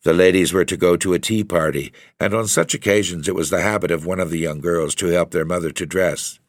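Low dark male voice reading a gothic tale, slow and deliberate, dry close sound. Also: steady tone, no room sound. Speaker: storyteller. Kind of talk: scripted narration of a gothic tale.

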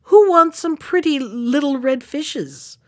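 A woman reading the lines of a scheming old sorcerer disguised as a peddler in a fairy tale, sly and slow. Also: medium pitch, animated, a little mellow, husky, dry recording, clean studio sound.

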